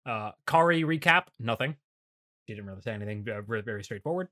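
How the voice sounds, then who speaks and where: A man's voice: lowish voice, expressive, fast talker, bright, forceful tone. A man casually recapping an anime episode, swearing often and mock-quoting characters between laughs. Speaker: podcast host.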